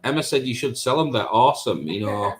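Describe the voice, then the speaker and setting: A male host in his thirties reads comments from his live stream and playfully ribs the people who wrote them. He speaks a little fast in a mid-range voice with lively intonation, and there's a faint hiss or hum.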